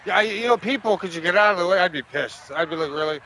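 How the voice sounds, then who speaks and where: Speaking quickly in a high-sitting voice, this streamer jokes his way through a golf video game, firing curses back at its commentators. The game's crowd and noise can be heard in the background.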